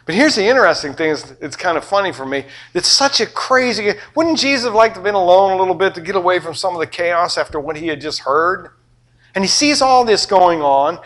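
A man preaching a sermon, animated, acting out scenes and shifting between loud and soft. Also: high-pitched, fairly quick. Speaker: pastor.

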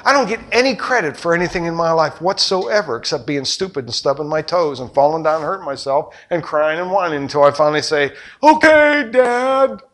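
An older man preaching a sermon as a pastor, with rhetorical questions and passion that surges loud and then drops low. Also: quick pace, hardly any pauses. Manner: impassioned preaching, rhetorical questions, surging and dropping loudness.

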